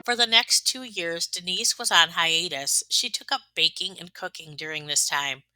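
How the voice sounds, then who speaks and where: A woman reading a scripted tribute narration in an even, recap style. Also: lowish voice, normal speed, no room sound, soft background music. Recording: dry close voice-over.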